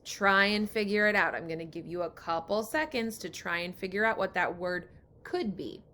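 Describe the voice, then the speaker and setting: A woman teaching young children to read, giving slow and encouraging guidance. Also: medium pitch, sharp tone, a little hiss or hum. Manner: slow, encouraging, with drawn-out words. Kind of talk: guided reading lesson for young children.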